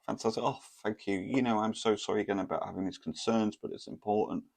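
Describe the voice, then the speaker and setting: A gushing young woman on a date apologizes and thanks her date profusely, as a man with a low, gravelly voice mimics her. The impression stays close to his own voice. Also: steady tone, fast talker, a little mellow.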